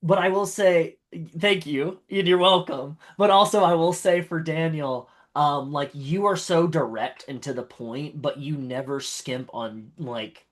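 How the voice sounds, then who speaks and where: This tabletop game player's voice is on the high side and measured in pace. He chats casually after the game, offering rambling compliments riddled with fillers and restarts.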